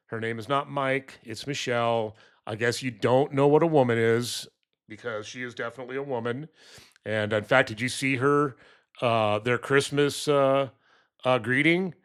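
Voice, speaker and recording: A man speaks at an ordinary middle pitch in a loose, rambling monologue. He stops and restarts often, fills gaps with "uh" and "um", and briefly acts out the voices of people in his story. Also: smooth. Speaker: political commentary vlogger.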